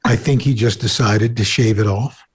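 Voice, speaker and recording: A man's voice: fairly low pitch, steady tone, moderate pace, slightly rough. A man co-hosting a casual chat show from home into a desktop microphone, rambling with fillers and restarts. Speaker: co-host. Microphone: desktop USB microphone.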